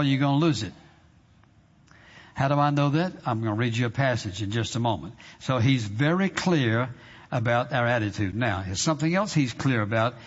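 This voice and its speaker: A man preaching to a congregation. His voice rings through a large hall with a long reverb tail, and the sound is a little dull. He stresses his points hard and slows right down when he reads scripture. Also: mid-range voice, husky. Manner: emphatic preaching with slow drawn-out scripture readings and repeated phrases. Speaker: pastor. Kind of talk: sermon. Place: church sanctuary.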